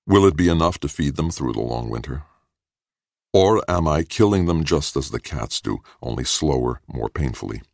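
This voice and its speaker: A man's voice: extremely low pitch, expressive, normal speed, gravelly, no room sound, clean studio sound, full character voice. A man reading aloud voices a weary, troubled man in an audiobook, speaking in earnest.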